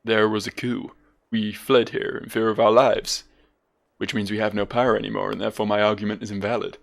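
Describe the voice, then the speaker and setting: A man's voice: on the low side, level tone, fairly quick, creaky. A man giving gameplay commentary, cracking dry sardonic jokes at the game. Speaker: let's play host.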